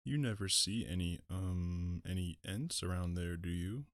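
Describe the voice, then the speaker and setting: A man voicing an ancient, sorrowful tree-giant in an audiobook, speaking slowly and deliberately in a musing way. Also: low-pitched, no room sound, clean studio sound. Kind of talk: audiobook reading.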